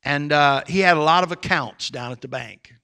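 A male pastor telling a story in a sermon, folksy and animated, with sudden loud swells of emphasis. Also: fairly high pitch, moderate pace, gravelly, smooth.

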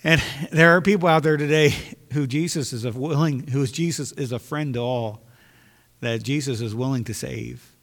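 A man's voice: medium pitch, moderate pace, a bit bright. A man preaching a sermon with emphasis, repeating phrases to drive his points home. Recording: long hall reverb.

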